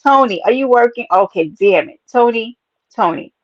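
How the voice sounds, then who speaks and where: A woman hosting a casual livestream, talking straight to her viewers, playful and animated, greeting people from the chat. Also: on the high side, moderate pace, no room sound, lo-fi sound. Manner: animated, playful, talks to chat as baby and y'all. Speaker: livestream host.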